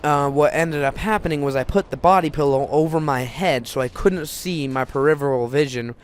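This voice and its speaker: A man's voice: a little high, a little fast, slight background noise. A teenage boy telling a personal story in a casual, rambling way, full of restarts and fillers.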